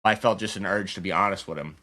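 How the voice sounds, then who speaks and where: Podcast guest, young man, deep and quick, rambling candid storytelling, acts out quotes. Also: bright, forceful tone. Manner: rapid, loose storytelling full of "like" and acted-out quotes.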